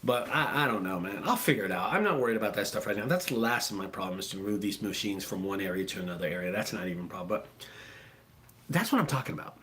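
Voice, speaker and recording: Excitable, swearing man with a lively voice. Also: fairly low pitch, quick pace. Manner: excitable, swears freely, repeats words. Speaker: junk removal business owner. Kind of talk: casual profane vlog talk.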